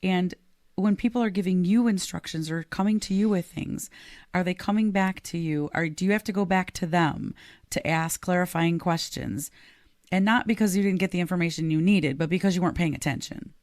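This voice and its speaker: A woman's voice: lowish voice, a little fast, darkish tone, dry recording. Woman coach giving friendly advice, dry sound. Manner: laughs easily, earnest and advising. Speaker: podcast co-host and leadership coach. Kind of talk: casual podcast conversation.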